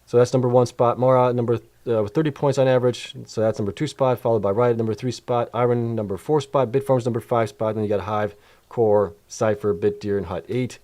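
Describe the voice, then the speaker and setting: The host of a crypto mining channel runs a casual livestream, tired and yawning as he thinks aloud, rambles through spreadsheets, and answers questions. His mid-range voice is steady, mellow, and fairly quick.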